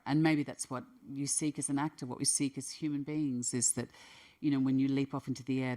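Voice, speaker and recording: A woman in her fifties with a warm bass voice is an actress answering questions in a conversational interview. She responds thoughtfully, often restarting her phrases.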